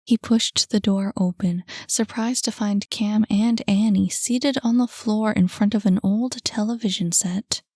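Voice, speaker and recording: A woman reads an audiobook in an unhurried, measured way. The sound is close and dry, with a mid-range voice. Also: medium pitch, fairly even intonation, a little mellow, dry recording. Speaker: audiobook narrator. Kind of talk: scripted narration.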